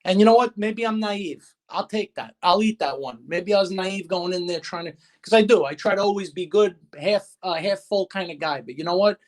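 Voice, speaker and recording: A man's voice: high-pitched, a little fast, few pauses. A man in casual chat as a guest, venting with heated, profane talk and retelling conversations.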